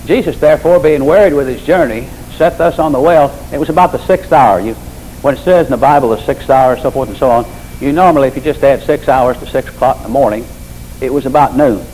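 A man's voice: medium pitch, fast talker, darkish tone, a little hiss or hum, rough recording. An older man preaching a sermon, telling folksy stories with emphatic repetition.

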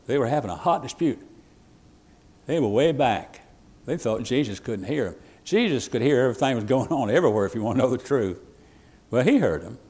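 A man preaching a sermon in a folksy way, quoting old scripture, shifting between emphatic bursts and quiet asides. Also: mid-range voice, husky. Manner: folksy, quotes King James scripture, chuckles at own jokes. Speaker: pastor.

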